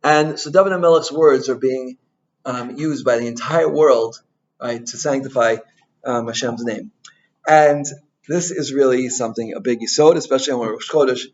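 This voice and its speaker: A male rabbi giving an informal Torah talk, an animated storyteller who mixes in Hebrew and Yiddish terms and keeps asking "right?". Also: mid-range voice, normal speed, highs cut off.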